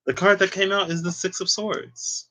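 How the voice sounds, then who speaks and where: A man's voice: high-pitched, flat delivery, normal speed, sharp tone, low-quality recording. Chatty man giving a tarot reading. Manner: chatty, lots of "like" and playful asides. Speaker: tarot reader.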